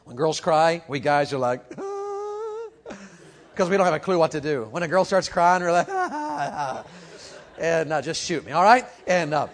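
A man preaching a youth sermon, animated and calling out questions to the crowd, moving from quiet talk to shouting. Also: a little high, fairly quick, few pauses.

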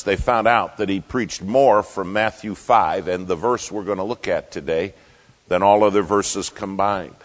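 A low-pitched male pastor delivering a sermon in a church sanctuary. He preaches emphatically, rising to loud declarations and dropping to hushed asides. His voice rings with the long reverb of a large hall.

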